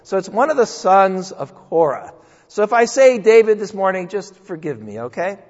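An older male pastor gives a folksy, joking sermon with a lively voice that swoops up and down. His voice sits high for a man. The recording is dull and carries a long echo from the church hall. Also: normal speed. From New England. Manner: folksy, joking, animated preaching. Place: church sanctuary.

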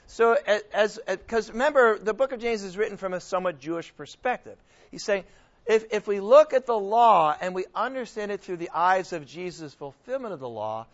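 A man preaching and teaching scripture to a group, questioning his listeners, with frequent restarts. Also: high voice. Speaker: preacher leading a Bible study. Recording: dull lo-fi recording.

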